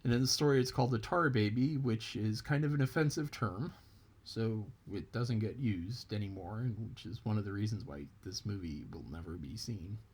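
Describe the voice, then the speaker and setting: A man's voice: lowish voice, normal speed, a little mellow, slightly rough. A man telling a folk tale in a casual, chatty way, stopping to explain things as he goes. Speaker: storyteller.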